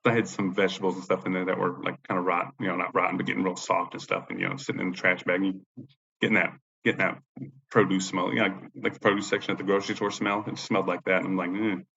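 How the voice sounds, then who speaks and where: A disabled veteran tells a long personal story in a casual, rambling way, swearing often and repeating himself. His voice is low with little pitch movement, very fast, creaky, bright, forceful, and husky. The recording is dull and lo-fi with faint background noise.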